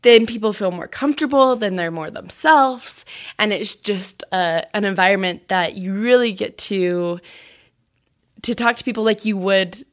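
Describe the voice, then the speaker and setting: Casting: chatty woman host, casual interview guest, talks loosely, mid-pitched. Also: normal speed. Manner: chatty, uses fillers like "like", laughs at herself. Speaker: podcast host and audio biographer.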